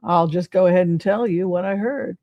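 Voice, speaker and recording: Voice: medium pitch, a little fast, no room sound, muffled recording. A psychic tarot reader giving casual livestream commentary in a chatty way, often asking the audience rhetorical questions.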